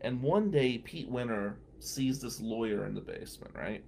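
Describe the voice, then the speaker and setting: A man's voice: medium pitch, normal speed, creaky, a little hiss or hum. A man telling courthouse stories as a regular on a radio talk show, acting out the people he quotes. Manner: animated anecdotal storyteller, acts out quotes.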